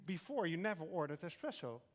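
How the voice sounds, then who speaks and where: A man's voice: a little high, big pitch swings, a little fast. Hesitant male interviewer in an echoing hall. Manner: hesitant, many "uh"s, frequent listening murmurs. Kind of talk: live stage interview. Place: debate hall on stage. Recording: reverberant hall.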